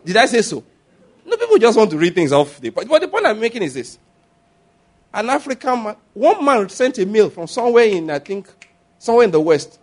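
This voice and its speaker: A man delivers a sermon in a bright, high-pitched voice. He is animated and storytelling, mimicking the people he quotes and laughing between points. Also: fairly quick. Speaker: pastor.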